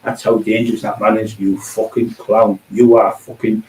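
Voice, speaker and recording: A man's voice: fairly low pitch, little pitch movement, moderate pace, darkish tone. A middle-aged man in an angry, profane, taunting rant. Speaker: vlogger. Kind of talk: angry ranting monologue. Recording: echoey distant room, faint hum.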